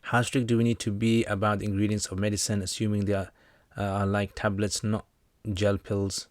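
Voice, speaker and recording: A man's voice: lowish voice, little pitch movement, fairly quick, dry recording. A man with a British accent who teaches Islam, casually answering viewer questions on a livestream in a chatty, joking way with many fillers.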